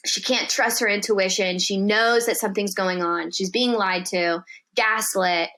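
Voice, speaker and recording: A woman guest on a podcast telling a story in casual chat, animated and profane, acting out the quotes in dialogue. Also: mid-range voice, unhurried.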